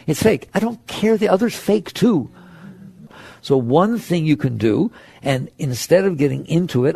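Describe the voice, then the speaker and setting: A man giving a spiritual talk to an audience, conversational and animated, acting out the voices in people's heads. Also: high voice, creaky, breathy edge, no room sound. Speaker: spiritual teacher.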